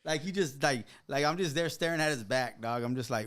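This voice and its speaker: A man guesting on a podcast, telling a story in an animated, profane, streetwise way, full of fillers. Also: mid-range voice, brisk. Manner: animated, profane, streetwise, full of fillers like "you know what I'm saying". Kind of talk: casual storytelling.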